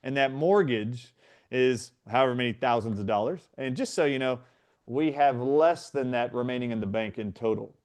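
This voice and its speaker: A middle-aged man speaks as a guest, retelling his story with earnest animation and slipping into the voices of others. His pitch sits in an ordinary middle range for a man. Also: normal speed, a little mellow. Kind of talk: storytelling in a conversation.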